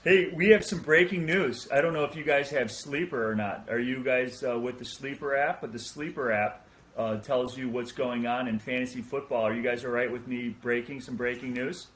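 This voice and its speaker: Male host, casual banter, playful and teasing, average pitch. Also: steady tone, normal speed, a bit bright, low-quality recording. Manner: playful, jokey delivery. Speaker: podcast host. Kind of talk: casual chat.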